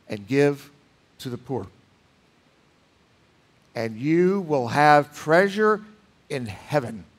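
A preacher voicing a calm teacher who gives a weighty command, slow and deliberate. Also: male voice, on the high side, exaggerated voice.

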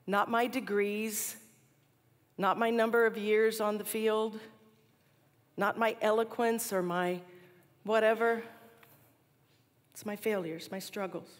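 A woman's voice: medium pitch, slow, long pauses. Woman preaching in an echoing hall. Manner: animated storyteller, laughs at herself. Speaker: chapel speaker. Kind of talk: storytelling chapel talk. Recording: long hall reverb.

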